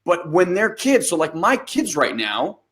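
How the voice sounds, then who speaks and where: Animated man telling a story. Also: a little high, unhurried. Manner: animated storytelling, acts out quotes, swears casually. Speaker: podcast co-host. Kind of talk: casual conversation.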